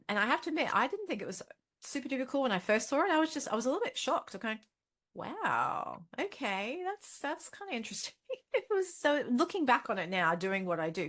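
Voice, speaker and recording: A woman giving a casual webinar talk on money, chatty and self-correcting, often slipping into playful inner-voice quotes. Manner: chatty, acts out inner voices with sudden high pitch jumps; frequent self-corrections and soft laughs. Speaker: financial educator and webinar host. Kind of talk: webinar presentation.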